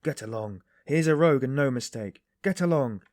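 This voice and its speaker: Man doing a gruff, huge porter. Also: mid-range voice, lively intonation, a little fast, no echo, studio quality. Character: huge burly male porter, gruff and dismissive.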